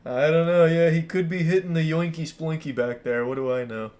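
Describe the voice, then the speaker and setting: A man's voice: fairly high pitch, steady tone, brisk, a little mellow. A man in his thirties giving casual, sarcastic reaction commentary over a video, mocking it and swearing.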